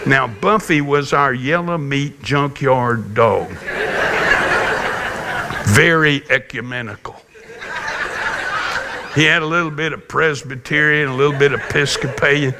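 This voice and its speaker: A man preaching a sermon, telling a personal story in a folksy, gently humorous way. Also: medium pitch, noisy background. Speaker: pastor.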